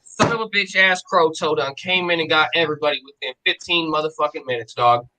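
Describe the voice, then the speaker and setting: A man hosting a casual stream, telling a drunken night-out story in slangy, profane, animated talk. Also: on the high side, brisk, low-quality recording.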